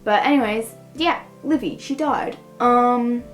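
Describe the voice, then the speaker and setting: A woman's voice: fairly high pitch, measured pace, soft background music, low-quality recording. Rambling young woman reviewing a book. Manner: rambling, heavy use of "like". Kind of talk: casual book review rant.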